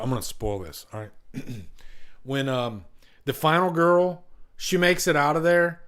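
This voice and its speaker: A man's voice: medium pitch, a bit bright. A man hosting a live stream, talking casually and rambling with enthusiasm and many restarts. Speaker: host.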